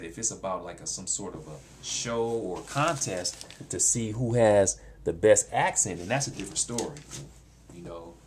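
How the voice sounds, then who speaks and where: A man's voice: low voice, slight background noise. A man talking casually to camera in a vlog, blunt and repetitive, with features. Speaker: vlogger.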